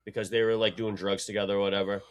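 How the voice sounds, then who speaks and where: A man's voice: lowish voice, little pitch movement, racing. A man co-hosting a casual podcast, telling long rambling stories full of slang. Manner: rambling, slangy storytelling with "dude". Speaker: podcast co-host. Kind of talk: casual chat.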